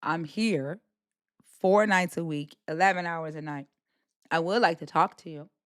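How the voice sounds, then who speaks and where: A woman's voice: fairly low pitch, unhurried, dry recording, studio quality. A woman hosting a live stream, talking in a brash, profane, taunting way. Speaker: livestream host. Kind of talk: heated live-stream rant.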